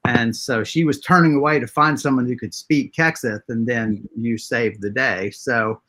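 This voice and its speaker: A man's voice: medium pitch, fairly even intonation, moderate pace, fairly bright tone. A man narrating a tabletop game as game master, hesitant and full of filler words.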